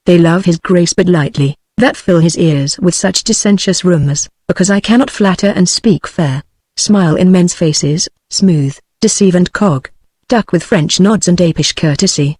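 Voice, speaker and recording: A text-to-speech woman's voice with a British English accent reads the lines of a bitter, scheming male duke in a flat, even manner. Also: lowish voice, normal speed, husky, no echo, studio quality. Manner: flat, even synthetic reading.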